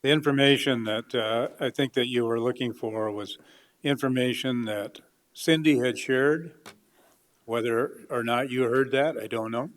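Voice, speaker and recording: A man speaks at a county board meeting in a measured, careful tone. He hesitates, pauses and uses fillers while he answers. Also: mid-range voice. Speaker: county commissioner. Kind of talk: response at a public meeting.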